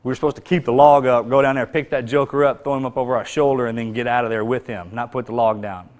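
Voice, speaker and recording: A man giving an intense, emphatic motivational speech, telling stories in casual phrasing and getting louder when he retells a drill instructor's shouts. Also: medium pitch, fairly even intonation, fast talker. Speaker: motivational speaker. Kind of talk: storytelling speech.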